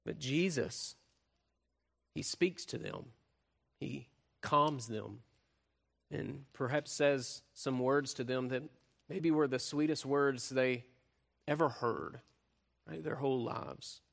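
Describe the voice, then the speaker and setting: Male pastor, mid-pitch, sermon delivery, habitual "right?" checks, builds loud then drops hushed. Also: takes it slowly, vocal fry, long pauses. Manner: frequent tag questions "right?", swells louder then drops soft.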